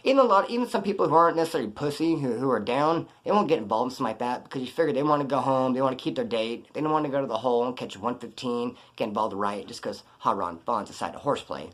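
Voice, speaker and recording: A man's voice: mid-range voice, animated, very fast, few pauses, a bit bright. A man casually telling a prison story in blunt, profane street slang.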